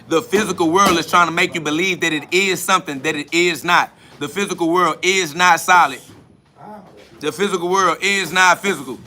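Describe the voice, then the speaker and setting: A man's voice: sits high, steady tone, moderate pace, pushed and bright. A man hosting a podcast livestream, answering chat comments in a blunt, profane, confrontational and preachy way, repeating his points for emphasis. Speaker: podcast host.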